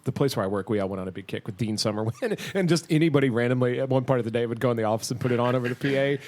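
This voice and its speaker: A man's voice: medium pitch, a little mellow. A man in casual podcast chat, telling stories with lots of swearing and laughter. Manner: rapid, profane, laughing storyteller.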